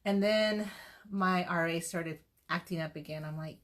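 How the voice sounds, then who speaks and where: A middle-aged woman giving an earnest, motivational pep talk to her sales team, telling her story in a lively way and acting out what people said. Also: on the low side, a little slow. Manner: earnest, faith-driven encouragement. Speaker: direct-sales team leader.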